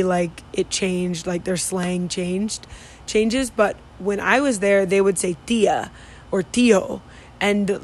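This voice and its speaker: A young woman casually telling a story, rambling with many fillers and restarts. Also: medium pitch. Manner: rambling, many fillers and restarts, mimics Spanish street calls. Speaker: vlogger recounting study abroad.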